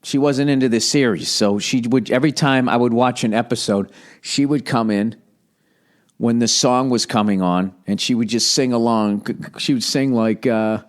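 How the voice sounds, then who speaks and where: A man in his forties hosts a podcast, rambling through casual chat that is blunt, profane, and full of jokes. He speaks at normal speed in a medium-pitched voice.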